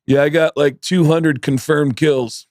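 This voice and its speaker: A man putting on a boastful, deadpan male comedian who claims to be champion of everything, speaking low and flat. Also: unhurried, dry recording, studio quality, lightly acted. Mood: deadpan boasting.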